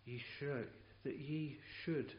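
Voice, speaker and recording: A man preaching a sermon in a church, impassioned and halting, often repeating words as he builds his points. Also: medium pitch, steady tone. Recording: dull, hissy, roomy old tape recording.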